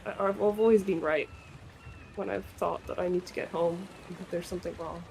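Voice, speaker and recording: A woman voicing a jittery young adventurer who keeps restarting her words and apologizing. The voice sits high, and faint noise hums underneath. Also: expressive, low-quality recording. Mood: worried. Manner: halting, apologetic, stammering. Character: young woman, anxious and hesitant. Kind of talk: tabletop in-character roleplay.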